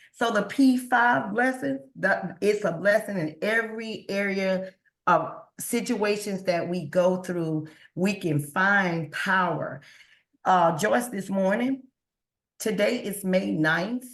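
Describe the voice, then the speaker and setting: A woman's voice: medium pitch, a bit bright, reverberant. A woman guest on a podcast who speaks earnestly about faith and often repeats words when she is moved. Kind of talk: emotional interview talk.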